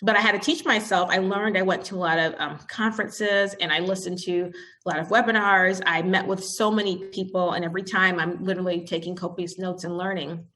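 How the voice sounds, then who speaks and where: A woman's voice: fairly low pitch, steady tone, a little fast, a bit bright. A woman in her forties, a company CEO, speaking to an audience and telling a candid story about her career, acting out bits of dialogue along the way.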